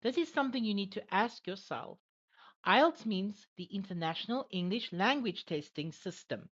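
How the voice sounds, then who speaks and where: A woman's voice: medium pitch, animated, moderate pace, a bit bright. A woman acting as an IELTS examiner and tutor in an online English lesson, encouraging and full of "all right" and "okay". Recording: dull lo-fi audio.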